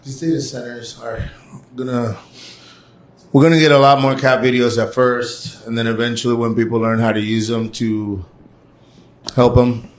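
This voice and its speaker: A man from Puerto Rico talks on his live stream in a loose, chatty way, hopping from one topic to the next. His voice sits at an ordinary middle pitch. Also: flat delivery, normal speed, a little hiss or hum. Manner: chatty, rambling, jumps between topics. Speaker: host. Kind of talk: casual live-stream chat. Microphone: phone or camera mic on a live stream.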